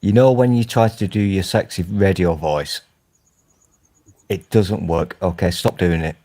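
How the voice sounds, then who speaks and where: A man's voice: deep voice, measured pace, warm tone. A man chatting casually in a group discussion with dry, teasing humor. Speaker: panelist.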